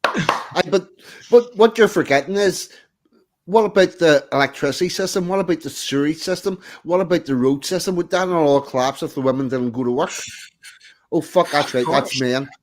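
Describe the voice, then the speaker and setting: A man's voice: fairly high pitch, moderate pace. A man guesting on a podcast, reading a text aloud and breaking off for dry, sarcastic asides.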